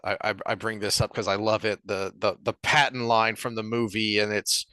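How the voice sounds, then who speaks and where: A man with a bright, forward voice talks through a book passage, stopping and restarting as he hunts for lines and reads them aloud. His pitch sits a little low, and the sound is dry and close. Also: level tone, moderate pace, no room sound. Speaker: podcast co-host. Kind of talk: casual book discussion.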